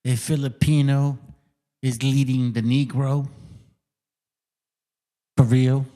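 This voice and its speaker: A man's voice: medium pitch, level tone, takes it slowly, warm tone. A co-host man chiming in with a casual, incredulous and profane way of talking. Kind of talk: casual chat.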